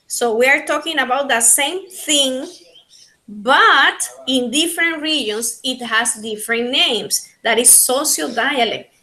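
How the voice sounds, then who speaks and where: A woman with a Panamanian Spanish accent teaching an online linguistics class in English, her second language, repeating key points slowly. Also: high voice, pushed and bright, poor audio. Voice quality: slow, repetitive teaching delivery. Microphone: video call.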